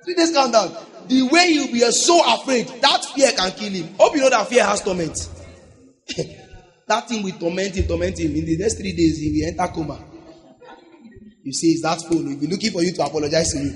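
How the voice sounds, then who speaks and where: A man with a Nigerian English accent preaching a lively sermon, acting out scenes, laughing and shouting at the peaks. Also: high-pitched, fairly quick, long reverb tail. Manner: animated, acts out scenes, laughs, shouts at climaxes. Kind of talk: lively sermon with congregation banter.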